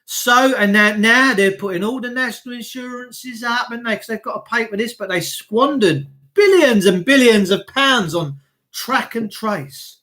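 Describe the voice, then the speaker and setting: Male streamer, high voice, preachy and blunt, swears, clears throat often. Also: normal speed, pushed and bright. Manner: blunt, swearing, preachy, greets viewers by name. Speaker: livestream host. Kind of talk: casual livestream rant.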